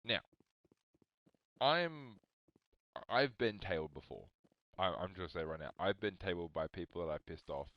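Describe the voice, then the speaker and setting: A man's voice: deep voice, no echo, lo-fi sound. A young man rambling through a story on a live stream, talking back to his chat. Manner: rambling, animated, talks to chat.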